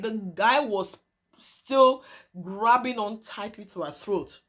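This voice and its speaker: A young woman with a somewhat high voice talks straight to her viewers as she recounts a true story. She is emphatic and dramatic, repeats key phrases for weight, and keeps calling her audience "guys". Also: lively intonation, a little slow, a bit bright. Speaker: vlogger telling a true story.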